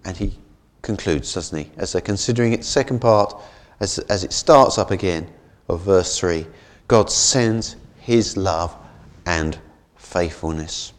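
A man preaching a sermon in a conversational way. He often adds "isn't it?" and slows down and softens on key phrases. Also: low-pitched. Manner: conversational, keeps asking "isn't it?".

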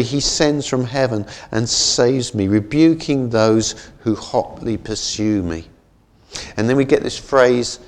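A male preacher delivering a sermon in an easy, conversational style. He keeps tagging his points with "isn't it?" and drops into slower, softer phrasing when he lands a key idea. His voice sits at a middle pitch for a man.

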